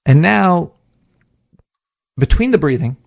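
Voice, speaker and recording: Slow and fairly high-pitched with vocal fry, a man hosts a podcast on a studio microphone, casually and profanely wandering through thoughts on meditation and self-hypnosis. He is animated throughout and mimics his inner voice.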